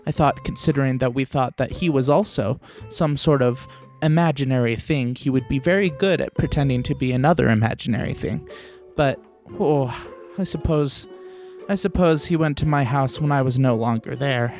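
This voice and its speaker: A man's voice: mid-range voice, moderate pace, a little mellow, faint music behind, natural voice. A man doing a polite, muddled old teddy bear. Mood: musing. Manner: polite, rambling, mildly muddled.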